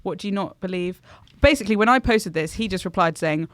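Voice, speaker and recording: A woman's voice: mid-range voice, quick pace, no echo. A woman co-hosting a podcast, speaking tentatively and thinking aloud in casual chat. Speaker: podcast producer and co-host.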